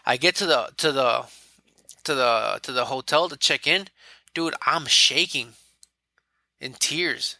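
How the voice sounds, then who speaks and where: A man's voice: medium pitch, a little slow, dry recording. A man speaking as a podcast guest, candidly telling his own story in casual talk and acting out what others said. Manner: candid, animated, quotes himself and others.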